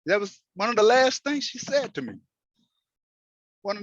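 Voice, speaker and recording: A man telling a personal story while driving, in an earnest, halting way with many restarts. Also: high voice, sing-song, fairly bright tone, no echo, dull audio. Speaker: host. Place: in a moving car.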